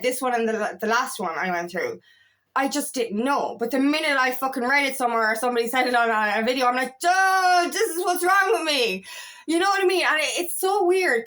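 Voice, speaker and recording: High-voiced woman, frank and profane. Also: fairly bright tone. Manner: frank and profane, tells stories with self-quotes. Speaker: feminine empowerment coach. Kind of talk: casual confessional vlog monologue.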